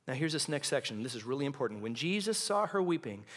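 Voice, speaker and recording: A man's voice: mid-range voice, big pitch swings, fast. A male pastor preaching a sermon in a church, impassioned and building to dramatic intensity. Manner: acts out quoted lines in hushed and shouting voices. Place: church sanctuary.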